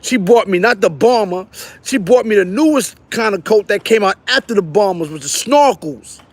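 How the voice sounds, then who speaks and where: A middle-aged man from Brownsville with a New York accent, telling a story in casual, animated street slang. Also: high-pitched, moderate pace, no room sound. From Brownsville, Brooklyn. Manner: animated, slangy, acts out quotes with raised voice.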